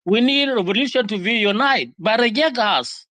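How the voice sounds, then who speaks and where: A man's voice: high voice, lively intonation, normal speed, bright, forceful tone, no room sound. A man in a heated online debate who speaks emphatically and defends himself. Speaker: discussion participant.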